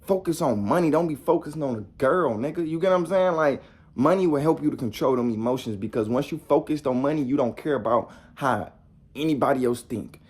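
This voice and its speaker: A man's voice: mid-range voice, expressive, a little fast, a little mellow, slightly rough. A young man giving a blunt, profane motivational talk to the viewer, hammering on repeated rhetorical questions. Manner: preachy, talks straight to the viewer. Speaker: motivational vlogger. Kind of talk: casual motivational monologue.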